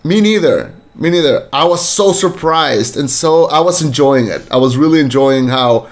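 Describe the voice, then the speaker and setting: A man's voice: a little high, expressive, normal speed. A man co-hosting a casual film review podcast, rambling with many fillers and restarts and acting out quoted lines. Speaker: podcast co-host.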